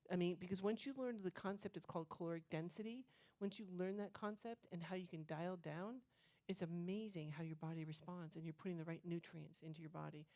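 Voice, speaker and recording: A woman's voice: fairly low pitch, a little mellow. A woman leading a cooking demonstration as a nutrition educator, telling stories in a chatty way and checking in with "okay?". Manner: chatty storyteller, keeps asking "okay?". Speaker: plant-based nutrition educator.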